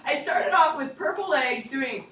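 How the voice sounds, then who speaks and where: A young woman teacher telling a playful, animated story to a class of children, recorded from far away in an echoey classroom. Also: sits high, a little slow. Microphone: distant recorder.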